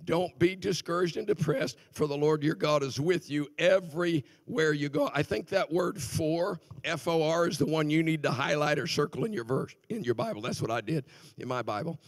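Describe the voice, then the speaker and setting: An older male preacher delivers a sermon with a lively, swooping delivery, his voice pitched a little high and edged with gravel. He shifts between ringing declarations and hushed asides, and the sound is close and dry. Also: normal speed, dry recording. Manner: animated preaching, swings from loud exclamations to quiet asides, laughs between points. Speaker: guest minister. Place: church sanctuary.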